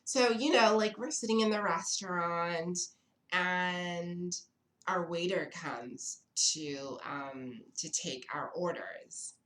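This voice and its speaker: A young woman from South Africa with a fairly low voice, recounting a story to camera. She talks in a chatty, sassy and dramatic way. The room around her rings with echo. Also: slow pace, a bit bright. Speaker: vlogger. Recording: echoey room.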